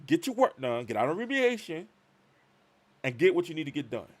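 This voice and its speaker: Guy w/ hosting a live stream, kinda high voice, swings way up and down telling his story. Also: fast. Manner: animated, acts out both sides of conversations. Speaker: show host.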